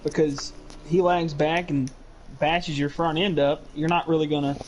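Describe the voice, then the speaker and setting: A man co-commentating on a sim race, throwing in dry, quick-witted quips. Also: a little high, level tone, slight background noise. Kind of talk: live sim racing commentary.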